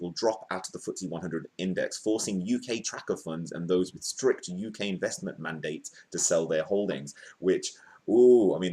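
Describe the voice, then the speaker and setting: A man's voice: deep voice, a little mellow, husky. A man hosting a comedic news show, reading headlines and riffing off-script with fillers and restarts.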